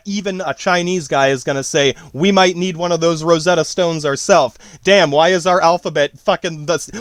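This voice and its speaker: High-voiced profane rambling man. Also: dry recording. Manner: profane, rambling, self-interrupting. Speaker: podcast host. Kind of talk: rambling solo monologue.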